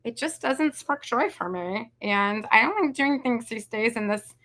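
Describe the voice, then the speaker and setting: A woman close to fifty hosts a live crafting session, chatty and rambling, calling out to viewers. Her voice is bright and forceful and sits a little high. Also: expressive, unhurried. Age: 40s. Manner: chatty, rambling, says "y'all" and "you guys". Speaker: craft video host. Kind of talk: casual live craft tutorial chat.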